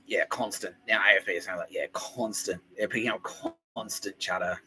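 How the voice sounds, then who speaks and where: A man's voice: fairly low pitch, fast, few pauses, sharp tone, a little hiss or hum, low-quality recording. A man hosting a podcast, ranting in a rambling comedic monologue, sweary and sarcastic. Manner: sweary, sarcastic, mocking voices of others. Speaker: podcast host.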